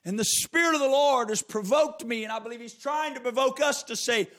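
A man with a notably high voice delivers a sermon, reading scripture aloud. He leans hard on repeated phrases and stretches key words for emphasis. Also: a little fast, few pauses, fairly bright tone. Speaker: preacher.

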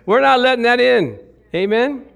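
A middle-aged male pastor preaching a lively sermon, acting out quotes in different voices and laughing along the way. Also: very high-pitched, moderate pace, gravelly, clean tone.

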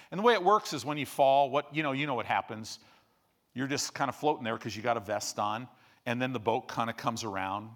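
A man preaching a sermon, telling stories animatedly, with sudden loud bursts and quiet asides. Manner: animated storyteller, swings between loud bursts and low hushed asides. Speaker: pastor. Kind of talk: sermon storytelling.

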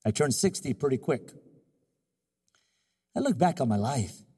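A pastor in his fifties preaching in a church, animated and joking as he acts out little scenes. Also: mid-range voice, a little slow, breathy edge, in a large hall. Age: 50s. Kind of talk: sermon.

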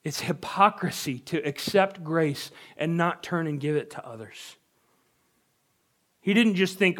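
High-voiced man preaching a sermon. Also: animated, normal speed. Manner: earnest, conversational preaching with scripture reading. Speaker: pastor.

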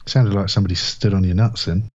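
A man's voice: fairly low pitch, steady tone, fast talker. A man co-hosting a casual podcast chat, with dry, teasing humour. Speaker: podcast co-host. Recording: dull lo-fi audio.

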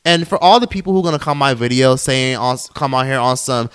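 A man's voice: medium pitch, a little fast, a bit bright, clean tone. A young man hosting a solo podcast, heated and profane, mocking others in put-on voices. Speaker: podcast host.

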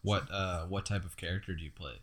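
A man hosting a podcast, asking easygoing questions in a relaxed casual chat. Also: sits low, brisk. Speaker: podcast host.

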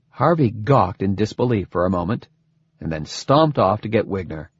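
A man narrating an audiobook in a measured storytelling manner. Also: lowish voice, big pitch swings, slightly rough, no echo. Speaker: audiobook reader. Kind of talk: scripted narration. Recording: dull dry lo-fi recording.

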